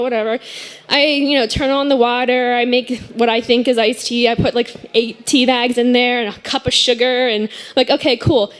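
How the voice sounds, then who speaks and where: On stage at a story slam, a woman with a voice on the high side tells a personal story in a chatty way, laughing often as she acts out the people in it.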